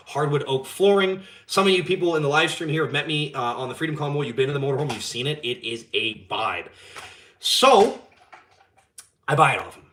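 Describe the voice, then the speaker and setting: A young male channel host tells a story on a live stream, chatting casually and animatedly, swearing freely and acting out the dialogue. His voice is medium-pitched, with slight background noise.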